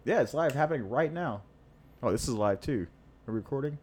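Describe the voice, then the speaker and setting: Rambling man with a lively voice. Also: medium pitch, brisk, breathy edge. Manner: rambling, lots of "like" fillers, laughs often. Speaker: podcast co-host. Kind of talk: casual podcast banter.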